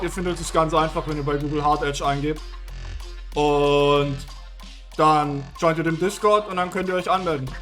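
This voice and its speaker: A German-accented man hosting a live fighting-game stream, his voice set a little high and ringing bright. He hops between English and German with a teasing edge, while faint music runs beneath him. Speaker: tournament host. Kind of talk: live esports commentary.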